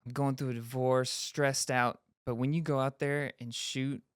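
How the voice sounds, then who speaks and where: A man hosting a podcast, asking relaxed, brief questions and giving short affirmations. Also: medium pitch, moderate pace, clean tone, no room sound, clean studio sound. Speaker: podcast host. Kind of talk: casual interview.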